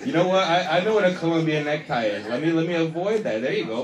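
A man's voice: on the high side, lively intonation, fast talker, few pauses. A young man doing a stand-up set, loose and profane, riffing with the crowd. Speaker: stand-up comedian. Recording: echoey room recorded from afar.

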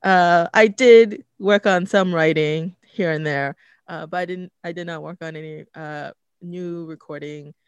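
A podcast host talking in a relaxed, hesitant way, with many fillers and restarts, recorded at home. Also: medium pitch, unhurried, smooth, dry recording, dull audio. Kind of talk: casual conversation.

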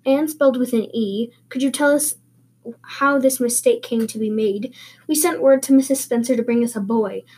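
Woman reading stern older farm woman, curt, sharp, mellow husky tone. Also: on the high side, normal speed.

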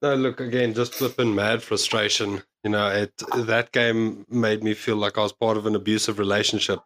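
A man's voice: lowish voice, flat delivery, normal speed, a bit bright, slight background noise. A man, co-hosting a podcast, talking in a frustrated, wry way in casual chat. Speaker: podcast co-host.

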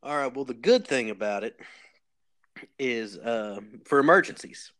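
A man with a Kentucky accent on a comedy podcast, posing as an expert and rambling folksily through deadpan tall tales with many restarts. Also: mid-range voice, measured pace.

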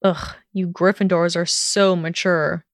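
A woman voicing an arrogant young male wizard with a sneering drawl, in her own smooth voice. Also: lowish voice, measured pace, dry recording, studio quality, natural voice.

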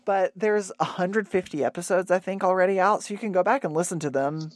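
Young woman co-host, low pitch, dry close sound; chatty and laid-back, fillers and laughter. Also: fairly quick, no echo. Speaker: podcast co-host. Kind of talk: casual chat.

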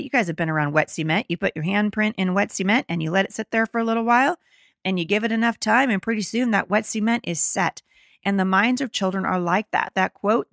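A woman's voice: mid-range voice, fairly bright tone, dry recording, studio quality. A middle-aged woman hosting a podcast, reading an article aloud and commenting on it, indignant and emphatic, often stumbling and restarting. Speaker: podcast host.

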